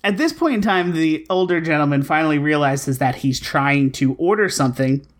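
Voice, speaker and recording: A woman co-hosting a podcast who tells stories in an animated, exasperated way and swears freely. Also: deep voice, normal speed. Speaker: podcast co-host. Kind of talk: casual storytelling chat.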